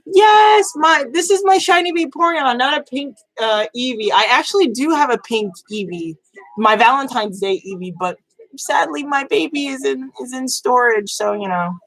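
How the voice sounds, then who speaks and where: A woman's voice: fairly high pitch, normal speed, a bit bright, no room sound, low-quality recording. A woman chatting casually about video games on her vlog, rambling with many fillers and restarts. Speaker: gaming news vlogger. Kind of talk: casual chat.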